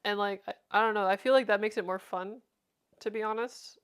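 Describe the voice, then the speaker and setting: A woman's voice: medium pitch, steady tone, brisk, clean tone. A young woman streamer chatting casually, rambling with lots of fillers and frequent laughter. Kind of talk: casual chat.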